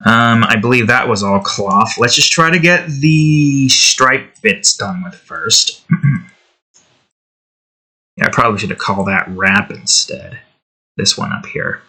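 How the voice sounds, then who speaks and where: Bright-voiced man rambling while he draws. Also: medium pitch, expressive, takes it slowly. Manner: rambling and chatty, with many fillers and asides. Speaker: digital artist and channel host. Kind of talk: casual rambling commentary while drawing. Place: at home indoors, with his cat nearby.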